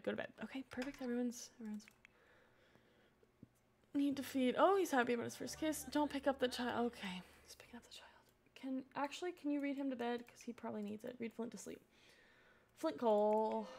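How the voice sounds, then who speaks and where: A young woman streaming a life-sim game, reacting excitably, yelling at characters and muttering asides to herself. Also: high-pitched, gravelly. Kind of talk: live gameplay commentary.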